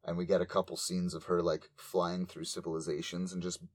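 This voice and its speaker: A man co-hosting a podcast, recapping a show in casual chat with animated, profane storytelling. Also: sits low, fairly quick. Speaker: podcast co-host.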